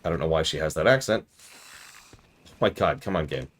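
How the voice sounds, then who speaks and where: A man's voice: very deep voice, expressive, moderate pace, a little hiss or hum. A man casually commenting on a game during a live stream, with sarcastic joking asides.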